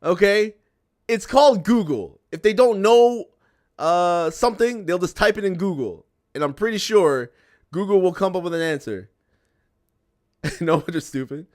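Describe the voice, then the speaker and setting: A man's voice: high voice, lively intonation, a little slow, darkish tone. A young man streaming and chatting to viewers, ranting in an exasperated way, repeating himself and swearing. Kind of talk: ranting casual chat to viewers.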